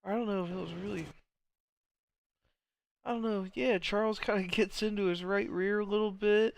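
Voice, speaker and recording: A man's voice: high voice, fairly even intonation, normal speed, gravelly, a little hiss or hum. A man giving casual play-by-play commentary on a sim race, tired and losing his voice, with apologetic asides between calls.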